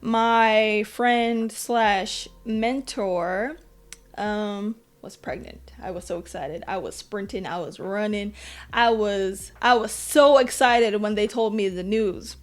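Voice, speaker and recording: A young adult woman hosting a podcast, telling a personal story in a candid, self-deprecating way with lively quoted asides. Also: medium pitch, slow. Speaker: podcast host. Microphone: podcast mic.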